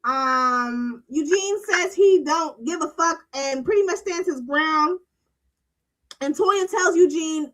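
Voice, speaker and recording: A woman's voice: sits high, slow pace, fairly bright tone, poor audio. A woman hosting a casual panel recap, talking bluntly and animatedly and acting out quotes as she goes. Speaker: podcast host recapping a reality show.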